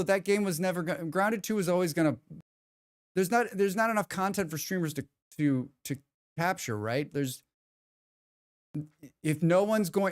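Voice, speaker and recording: Smooth-voiced man chatting on a game stream. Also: sits high, normal speed, long pauses. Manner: rambling, restarts sentences, chats with viewers. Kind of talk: casual livestream chat.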